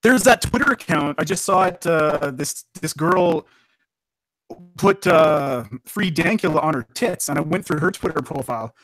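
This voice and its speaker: Canadian guy guesting on a podcast, rambly and sweary, slightly high voice, dry close mic. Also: animated, normal speed, fairly bright tone, no echo, poor audio. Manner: rambling, profane, laughs at own jokes. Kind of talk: casual podcast chat.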